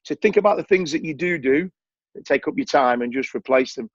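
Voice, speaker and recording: A man's voice: medium pitch, a little fast, slightly rough, no room sound. Chatty Englishman on a dull call line. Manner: chatty, repeats phrases for emphasis. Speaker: coaching client giving a testimonial. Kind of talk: casual chat.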